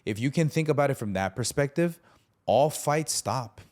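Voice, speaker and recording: A man's voice: medium pitch, animated, normal speed, darkish tone. A man hosting a faith podcast, telling a story animatedly and acting out the people in it. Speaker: podcast host. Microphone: studio podcast mic.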